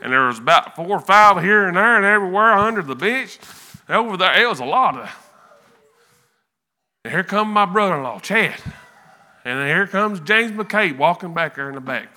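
A man giving an emotional church testimony, earnest and halting, often repeating words. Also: sits high, animated, bright, forceful tone.

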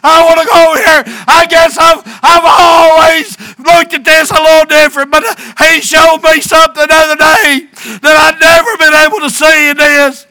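A middle-aged man, a pastor preaching a fervent sermon with drawn-out words. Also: very high-pitched, little pitch movement, pushed and bright, no echo. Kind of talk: shouted sermon.

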